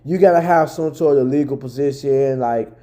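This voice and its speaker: A man's voice: mid-range voice, normal speed, mellow. A man from Memphis, ranting angrily and full of swearing as he gives his own commentary. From Memphis, Tennessee. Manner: angry, profane, repetitive.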